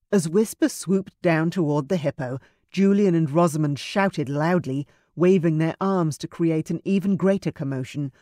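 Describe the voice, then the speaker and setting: A woman narrating a romance audiobook in a measured, expressive reading. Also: deep voice, no room sound, studio quality.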